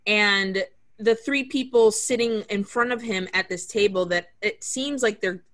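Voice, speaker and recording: Woman, podcast co-host, casual film chat, animated, bright tone. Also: medium pitch, a little slow. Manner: animated, laughs often, acts out characters' lines.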